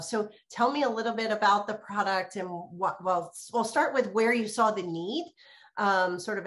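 Woman host, encouraging, mid-pitched, gently guides the guest. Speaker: interview host. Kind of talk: interview.

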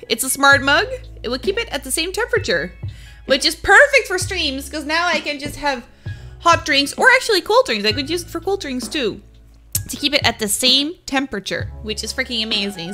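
High bright woman. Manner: chatty, giggly, reads chat aloud. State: sick with covid. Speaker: streamer. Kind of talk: casual live-stream chat.

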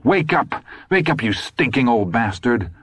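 A man's voice: low voice, lively intonation, moderate pace, husky, dry recording. A man voicing a panicked, frantic teenage boy in an audiobook. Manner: frantic, strained.

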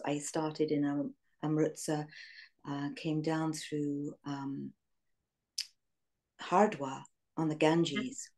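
A woman in her sixties with an English accent, reminiscing in an interview in a reflective, halting way with fillers and soft laughs. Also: low voice. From England. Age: 60s.

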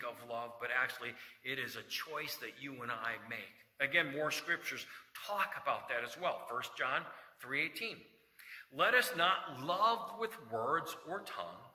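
Pastor, middle-aged man, bright tense voice, slightly higher pitched, folksy sermon in a reverberant sanctuary. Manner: folksy, jokes and asides, scripture quotes. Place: church sanctuary. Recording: echoey church hall reverb.

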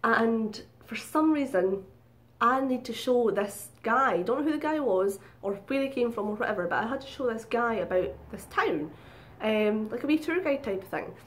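A woman's voice: a little high, expressive, moderate pace. A woman talks straight to her viewers in a casual storytelling vlog. She is chatty and unguarded, swears freely and laughs at herself along the way. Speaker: vlogger.

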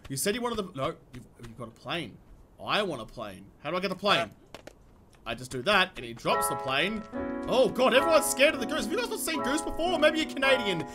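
A young man giving playful, excitable gameplay commentary, giggling and swinging between hushed scheming and loud outbursts. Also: high-pitched, a little fast, music in the background. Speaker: gaming YouTuber.

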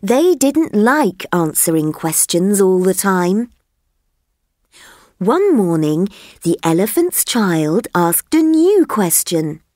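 A woman reading a textbook listening passage and a story aloud for learners, slowly and clearly. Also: medium pitch, dry recording, studio quality. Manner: slow, clear, lively intonation. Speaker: reader of a textbook listening track. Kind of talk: slow scripted reading for learners.

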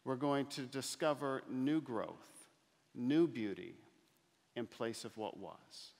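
Middle-aged male keynote speaker, mid-pitched, storytelling with slow emphatic pauses, long echo of a big hall. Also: creaky, darkish tone. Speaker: motivational speaker. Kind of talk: inspirational keynote speech. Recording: long reverb of a large hall.

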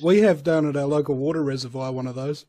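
A man's voice: on the high side, steady tone, fast, dark tone. A male host in casual interview chat, joking and explaining things in plain terms.

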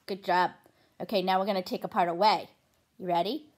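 A woman teaching a pre-K phonics lesson, sounding out letters and words clearly and slowly for young children, with encouraging praise between them. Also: mid-range voice, steady tone.

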